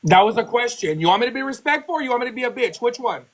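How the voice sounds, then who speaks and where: On a live call she hosts, a woman from Texas argues heatedly, defending herself, repeating points and talking over the other person. Her voice is a little high, animated, and racing.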